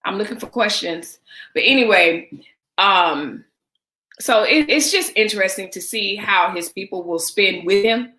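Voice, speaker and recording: A woman's voice: mid-range voice, unhurried, bright, forceful tone, roomy sound, poor audio. A woman hosting a casual livestream chat, candid and emphatic, speaking straight to her viewers with a sarcastic edge. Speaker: livestream host.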